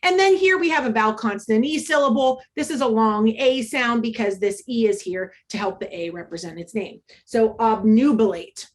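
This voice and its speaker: A woman from the United States speaks in a slightly high voice at normal speed, pausing little. She's running an interactive online workshop for teachers via video call, keeping things upbeat and chatty with lots of ums.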